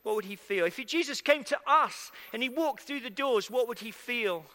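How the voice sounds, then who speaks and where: Man, preacher, high-pitched, conversational sermon, long church-hall reverb. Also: lively intonation, normal speed, pushed and bright. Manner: conversational, asks the congregation questions.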